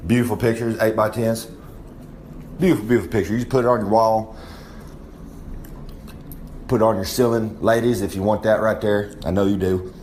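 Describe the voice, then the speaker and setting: A man's voice: lowish voice, steady tone, moderate pace, long pauses, a little mellow, slight background noise. Boastful man rambling about himself. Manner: boastful, talks about himself in the third person; drawling, rambling storyteller with frequent asides. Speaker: recurring segment guest. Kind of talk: rambling in-character wrestling promo.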